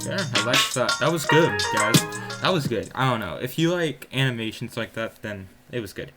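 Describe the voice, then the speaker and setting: A man's voice: mid-range voice, lively intonation, normal speed, over loud music. A man hosting a reaction video, talking in a hesitant, casual way with lots of ums.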